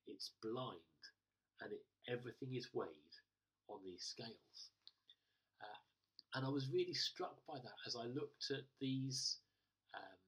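Male pastor, conversational sermon, husky tone, picked up at a distance. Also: mid-range voice, fairly bright tone. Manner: chatty, with acted-out asides and many fillers. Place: church.

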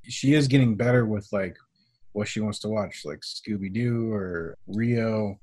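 A young man, a father, telling stories in a relaxed way with lots of fillers during an interview. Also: lowish voice, measured pace, breathy edge. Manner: relaxed, filler-heavy storytelling. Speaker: parent of an autistic child. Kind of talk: interview conversation.

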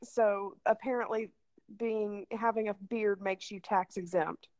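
A woman's voice: medium pitch, steady tone, a little slow, darkish tone, no room sound, highs cut off. A woman co-hosting a casual chat podcast, reading old quotes aloud in a wry, amused way. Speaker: podcast co-host.

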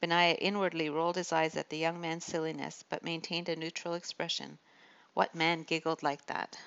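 Low-voiced woman narrating a novel. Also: little pitch movement, normal speed, vocal fry, a bit bright, clear, resonant tone, muffled recording. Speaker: audiobook narrator. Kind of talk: scripted narration of a historical novel.

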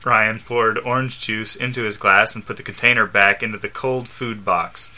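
A man on a casual podcast reading fan fiction aloud, halting and stumbling over lines and laughing at the text. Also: fairly low pitch, fairly even intonation, pushed and bright. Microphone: studio microphone.

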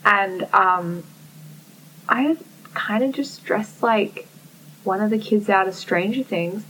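A woman's voice: medium pitch, slow pace, fairly bright tone, distant mic, a little hiss or hum, rough recording. A young woman in casual conversation, speaking candidly, swearing freely and acting out what people said to her. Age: young adult. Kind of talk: casual chat.

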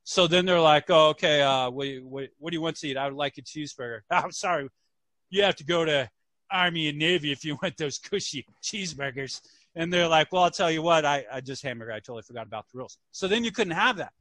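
Animated storytelling man, bright dry voice. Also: a little high, quick pace, no echo. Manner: animated, acts out characters in voices. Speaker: podcast co-host. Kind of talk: casual storytelling chat.

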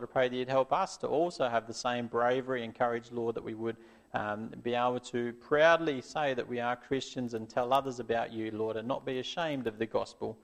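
A man telling a Bible story to children and closing in prayer, gentle and earnest. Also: mid-range voice, gravelly.

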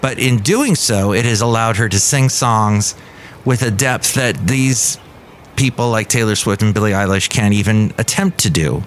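A man hosting a casual solo podcast, commenting on music news in a rambling, opinionated way and reading quotes with lively swings. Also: on the low side, normal speed, slight background noise. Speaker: podcast host.

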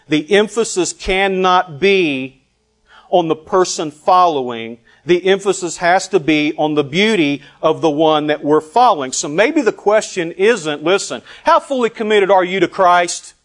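A man in his thirties preaching a sermon. He swings from loud, emphatic lines to quiet, earnest ones, and he acts out quoted voices as mock dialogue. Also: a little high.

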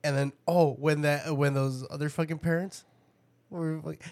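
A man's voice: a little high, fairly even intonation, normal speed, darkish tone. A man telling profane stories in casual chat, laughing often.

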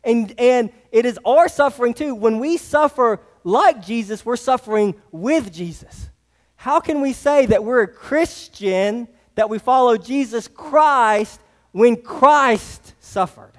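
A man's voice: extremely high pitch, animated, slow. A man preaching a sermon as a pastor, emphatic, repeating his phrases and putting rhetorical questions to the congregation. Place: church sanctuary. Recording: long reverb of a church hall.

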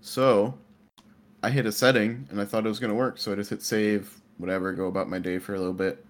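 A man with a low-pitched voice tells a rambling workplace story among friends. He leans on fillers and restarts as he goes, keeping it casual. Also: flat delivery, fast. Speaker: IT worker. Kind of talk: casual chat.

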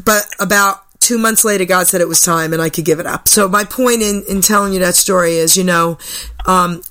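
An older woman hosting a radio talk show, telling a story with lively acted-out quotes. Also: on the low side, brisk. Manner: animated, acts out quoted voices. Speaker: radio host. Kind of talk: storytelling chat. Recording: radio broadcast.

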